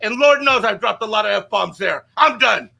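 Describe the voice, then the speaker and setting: High, bright-voiced angry ranting man. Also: expressive, moderate pace, vocal fry. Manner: angry, swearing, repeats "you know what". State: a little tipsy from drinking. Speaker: show panelist. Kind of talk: heated fan rant on a live show.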